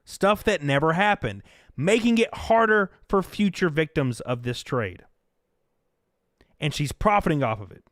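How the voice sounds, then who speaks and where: A young man with a Southern US accent talks loosely and profanely on a live stream, reacting to chat and donations. His pitch leaps around with animated energy. The sound is dry and close to the mic. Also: a little slow, dry recording. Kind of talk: casual live-stream commentary.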